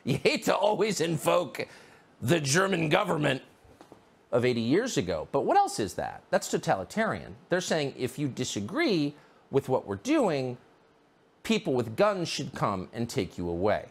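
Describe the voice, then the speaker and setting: A man's voice: on the high side, wildly swooping pitch, moderate pace, gravelly, slightly rough. A man delivering sarcastic, emphatic opinion commentary.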